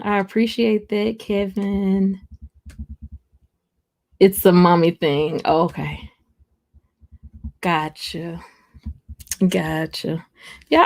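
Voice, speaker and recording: A woman's voice: fairly low pitch, creaky. A young Southern woman hosting a casual livestream, chatting and reading out viewer comments with frequent laughs. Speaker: livestream host.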